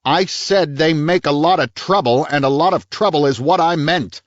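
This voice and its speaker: A man's voice: medium pitch, big pitch swings, normal speed, dry recording, muffled recording, voice pushed up. A man voicing a hard, bullying small-town police chief who snaps his questions.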